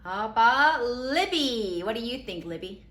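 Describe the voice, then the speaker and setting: A woman teaching a third-grade spelling lesson, slowly sounding out letters and giving encouraging praise. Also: on the high side, animated, a bit bright. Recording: echoey room with faint ambience.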